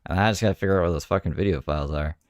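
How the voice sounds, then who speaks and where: Low, dry-voiced muttering man. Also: very fast, no echo. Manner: muttering, irritable, swearing at tech. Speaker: stream commentator. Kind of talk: live reaction commentary.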